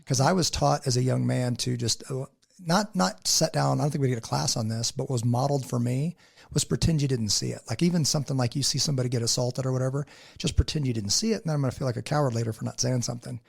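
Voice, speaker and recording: A man's voice: medium pitch, quick pace, vocal fry, husky. A man as a podcast guest, talking in a casual, earnest way and acting out what people said in his stories. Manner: earnest, storytelling, acts out quotes. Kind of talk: casual conversation.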